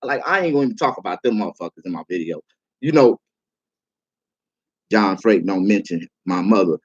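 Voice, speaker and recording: A livestreaming comedian, a man, giving a profane, heated rant that swings from calm to shouting. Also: deep voice, brisk, slightly rough, muffled recording.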